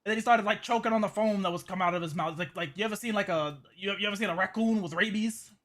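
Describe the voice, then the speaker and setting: In a game voice chat, a man plays a roleplay character giving a statement, telling a rambling in-character story. His voice is high, fast and a bit bright, and he stammers and repeats himself.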